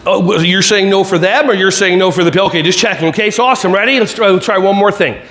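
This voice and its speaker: A playful man with a high voice gives an energetic motivational keynote to a live conference hall audience, cracking jokes and making silly laser sounds. He talks quickly, and his tone is fairly bright.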